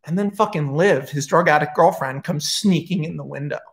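Telling his film pitch at a moderate pace, this male screenwriter has a creaky voice. He rambles casually, swears, and bursts with energy, tossing in frequent asides.

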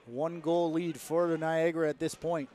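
A man calling lacrosse play-by-play, following the action quickly and lifting his voice as plays develop. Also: a little high, steady tone, warm tone, a little hiss or hum. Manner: rapid play-by-play, rising with the action. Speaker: play-by-play commentator. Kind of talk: sports commentary.

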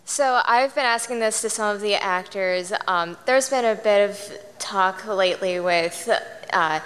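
Woman, audience question, quiet, casual, reverberant hall. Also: medium pitch, unhurried. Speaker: fan asking a question.

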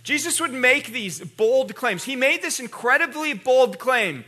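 A pastor preaches to his congregation in a church, talking in a loose, conversational way and restarting his words as he goes. His voice sits very high and bright for a man. He keeps asking the room to repeat after him and answer back. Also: lively intonation, measured pace, hardly any pauses. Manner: calls on the congregation to respond. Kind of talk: sermon. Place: church sanctuary.

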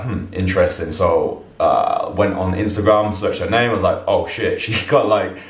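A man's voice: low-pitched, roomy sound. A man hosting a dating-advice vlog in a brash, slangy way. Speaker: YouTube pickup coach. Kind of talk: casual vlog intro.

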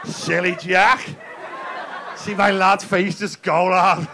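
On a comedy club stage, a high-voiced English male comic works through a brash, sweary stand-up routine, poking fun at the crowd. He talks slowly with huge pitch swings and many pauses, captured in a noisy live recording over audience laughter.

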